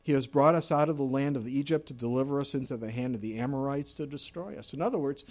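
A man's voice: medium pitch, fast, hardly any pauses, a little mellow. A middle-aged man preaching a sermon in a conversational way, now and then acting out whiny complaints in a raised voice. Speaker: pastor.

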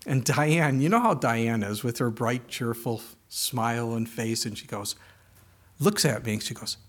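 A man's voice: mid-range voice, measured pace. Man preaching a conversational sermon. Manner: conversational preaching, acting out quoted voices. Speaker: pastor.

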